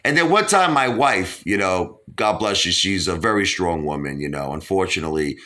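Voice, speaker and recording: A man's voice: low voice, expressive, moderate pace, bright, forceful tone. A man from Brooklyn, hosting a casual interview and rambling with lots of "you know". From Brooklyn, New York. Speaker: host.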